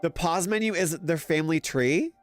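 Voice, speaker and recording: A man streaming a story game, chatting casually with viewers and reacting excitably, laughing and swearing. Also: on the high side, moderate pace, over music. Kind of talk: casual gaming stream chat.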